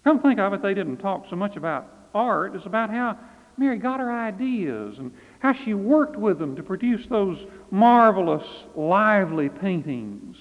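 Male pastor, animated storyteller, higher voice, thin phone-line sound in a reverberant space. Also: moderate pace. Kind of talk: storytelling narration.

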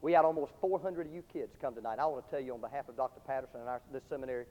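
A man preaching a sermon to a large crowd, telling a story with passion and dropping from shouts to hushed tones. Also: mid-range voice, racing. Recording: dull lo-fi recording with long hall reverb.

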